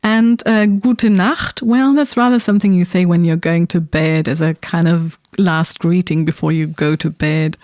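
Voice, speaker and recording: A woman's voice: on the low side, steady tone, moderate pace, few pauses, a little mellow, no room sound. German woman co-hosting, dry close sound. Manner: friendly, explanatory, with light laughs. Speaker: podcast co-host. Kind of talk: casual educational chat.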